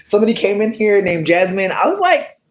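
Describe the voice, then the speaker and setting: A live streamer ranting to viewers in a loose, theatrical way, peppering every line with swearing and pet names like sweetie. The pitch leaps into squeals and then drops back, with words stretched out for effect. A faint hiss of noise sits under the voice. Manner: dramatic, expressive, swears often, calls viewers sweetie; big swings in pitch, sudden squeals and drawn-out words. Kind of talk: casual live-stream rant.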